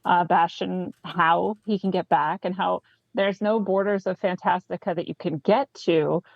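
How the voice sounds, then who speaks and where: Low, gravelly woman, enthusiastic co-host. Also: fairly even intonation, unhurried, no room sound, highs cut off. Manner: enthusiastic, frequent "right?" asides. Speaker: book club co-host. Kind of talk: casual book discussion, reading passages aloud.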